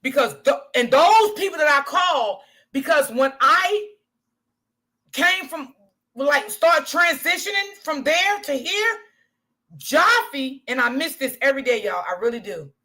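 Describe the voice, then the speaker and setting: A woman with a bright, slightly high voice chats loosely on a livestream, talking straight to her viewers. She swears casually, laughs easily and keeps the talk candid and rambling. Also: animated, measured pace. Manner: chatty and candid, heavy swearing, laughs often, addresses chat as y'all. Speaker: livestream commentary host.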